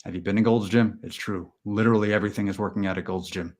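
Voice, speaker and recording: A man hosting a comedy livestream, leading a parody guided meditation in a slow, soothing tone that slides into sarcastic rants. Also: lowish voice, fairly even intonation, darkish tone. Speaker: comedy show host.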